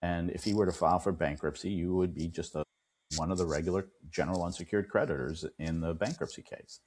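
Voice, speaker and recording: Deep, husky-voiced male attorney. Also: quick pace. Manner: animated retelling, acts out quoted dialogue. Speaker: business attorney, guest. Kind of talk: storytelling in an interview.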